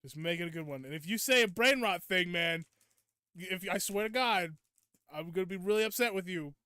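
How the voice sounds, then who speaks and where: A young man with a fairly high, smooth voice chats casually while streaming a game. He rants at his viewers in playful, mock-indignant bursts. The sound is close and dry, with almost no room around it. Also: lively intonation, a little fast, sharp tone, dry recording. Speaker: gaming streamer. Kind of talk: casual live gameplay chat.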